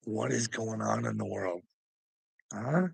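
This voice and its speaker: A man's voice: fairly low pitch, takes it slowly, gravelly, husky, no room sound, poor audio. A man in a profane, combative ranting commentary, scornful and often laughing. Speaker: vlogger.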